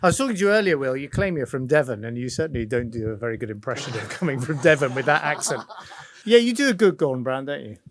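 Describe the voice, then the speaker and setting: A man's voice: mid-range voice, very animated, fast talker, crowd noise. A middle-aged man, a former chancellor, co-hosting a podcast with wry, teasing chat and reading an ad. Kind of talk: casual chat and ad read.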